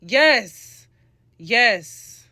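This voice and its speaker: A woman's voice: a little high, animated, very slow, bright, forceful tone, dry recording, studio quality. Sassy, chatty young woman vlogger. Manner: sassy, chatty, talks straight to viewers. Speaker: beauty vlogger. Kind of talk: voice-over makeup tutorial.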